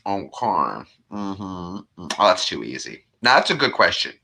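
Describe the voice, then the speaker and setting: A man's voice: low-pitched, big pitch swings, a little slow, vocal fry, hardly any pauses, sharp tone. A man hosting a casual live stream, rambling and chatty as he greets viewers by name and reads trivia questions. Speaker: livestream host.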